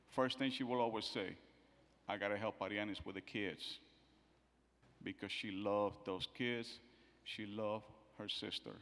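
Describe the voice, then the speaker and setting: A middle-aged man giving a eulogy for his daughter, telling family stories and acting out the quotes, his voice swinging from soft to loud. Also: on the low side, fairly even intonation, moderate pace. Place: church sanctuary. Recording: long church hall reverb.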